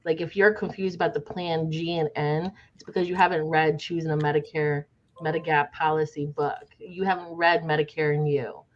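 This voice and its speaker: A woman's voice: low voice, steady tone, moderate pace, highs cut off. A woman guest on a podcast, explaining with emphatic exasperation in casual conversation.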